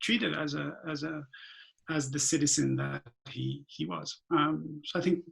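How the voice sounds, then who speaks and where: A man's voice: fairly high pitch, steady tone, unhurried, gravelly, fairly bright tone, rough recording. A man from Sweden whose first language is Swedish, speaking thoughtfully on a virtual panel over a video call, often restarting and filling with "like" and "um".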